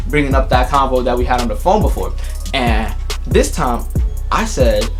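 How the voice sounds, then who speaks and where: A young man telling a storytime vlog story, animated and profane, acting out the people in his story. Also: medium pitch, brisk, music in the background. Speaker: YouTuber.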